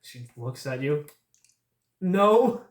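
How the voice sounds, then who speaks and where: A man's voice: a little high, lively intonation, normal speed. A young man narrating casually as game master of a tabletop game, laughing and joking as he goes. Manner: laughs often, loose and joking. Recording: echoey room with faint noise.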